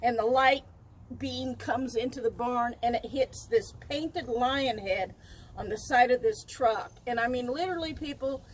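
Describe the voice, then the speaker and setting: Older woman, interview guest, high-pitched and lively, laughs easily, natural storyteller. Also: unhurried, a little hiss or hum, poor audio. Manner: lively, laughs often, acts out dialogue. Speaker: interview guest, wild animal trainer. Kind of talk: animated personal storytelling.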